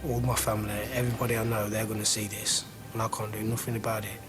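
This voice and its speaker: A man giving an earnest, plain-spoken documentary interview, halting at times. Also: fairly low pitch, little pitch movement. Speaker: interviewee recounting arrest abroad. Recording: documentary interview with loud music bed.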